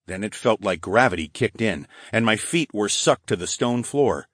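A man narrating a first-person audiobook in steady, even storytelling from a close mic. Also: moderate pace, husky, dry recording. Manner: steady, even storytelling, voicing dialogue slightly higher.

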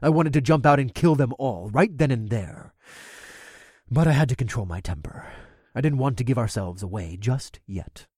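A man narrating a first-person fantasy story in an expressive, conversational storytelling manner. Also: mid-range voice, moderate pace, breathy edge, no echo, clean studio sound. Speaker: audiobook narrator.

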